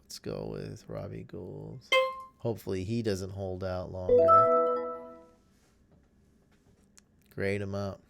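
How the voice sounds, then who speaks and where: A man hosting a fantasy football livestream, hoarse from losing his voice, chatting and rambling to his viewers in a casual way. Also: low-pitched, flat delivery, slow pace, long pauses, loud music behind the voice. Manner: rambling, self-deprecating, talks to viewers. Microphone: desk mic, at times held close.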